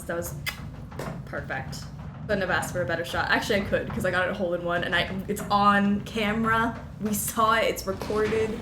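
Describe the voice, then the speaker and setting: A young woman streaming a game, chatting playfully and repeating herself as she plays. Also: lowish voice. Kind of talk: casual gameplay commentary. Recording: roomy sound with game music behind. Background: game music.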